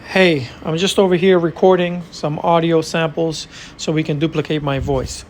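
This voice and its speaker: Hosting a casual tech tutorial, a man with a fairly high voice talks through his screen at a normal speed. He's relaxed and easygoing but hesitant, with lots of fillers, and there's slight background noise.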